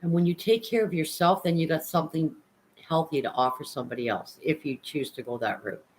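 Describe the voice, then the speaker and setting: A woman's voice: low voice, a little fast, slight background noise, poor audio. A woman hosting a livestream, giving earnest advice and repeating key words for emphasis. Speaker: livestream host. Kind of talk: heartfelt advice chat.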